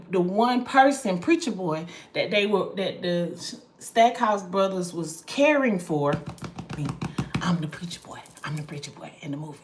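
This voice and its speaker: Woman in her 40s doing a live chat, mid pitch, swears a lot, wanders off on side stories. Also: a little mellow. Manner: candid and swears freely, drifts into tangents. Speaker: livestream host and spiritual reader. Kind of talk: casual livestream chat.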